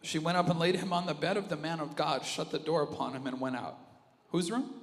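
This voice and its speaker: A male pastor preaching an animated sermon, dropping to a hush and then rising loud again. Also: on the high side, brisk. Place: church auditorium with reverb. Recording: live church audio with long reverb and music underneath. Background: worship music.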